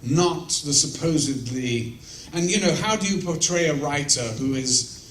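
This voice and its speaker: Speaking a little slowly in a fairly high, fairly bright voice, a man takes fan questions at a convention and casually tells blunt, profane anecdotes that poke fun at himself. The setting is a large convention room with an audience, and the distant mic gives a roomy echo with faint noise.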